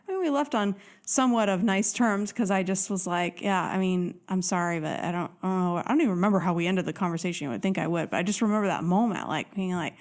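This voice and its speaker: Woman, dating-coach host, lively chatty monologue, mid-pitch. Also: fairly quick, hardly any pauses. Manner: animated, acts out quoted voices. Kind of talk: casual motivational monologue.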